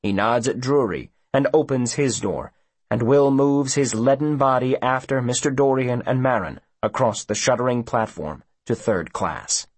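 A man's voice: mid-range voice, moderate pace, husky, no echo. A man narrating an audiobook expressively, giving each character a voice of their own.

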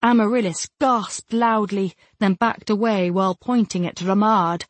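Slow, husky woman reading a story. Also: mid-range voice, no echo. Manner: measured, steady reading. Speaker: audiobook narrator. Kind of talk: scripted narration.

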